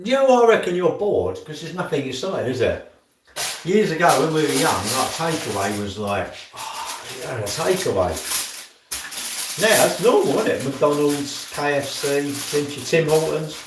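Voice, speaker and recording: A man's voice: fairly high pitch, expressive, normal speed, background noise. A man live-streaming from his home kitchen, rambling casually and muttering to himself as he does chores. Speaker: livestreamer. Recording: echoey room, mic set far off.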